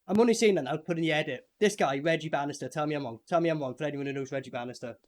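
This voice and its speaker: A man's voice: on the high side, racing. A young man hosting a film review chat, sweary and mocking, often talking over his co-host. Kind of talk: casual chat.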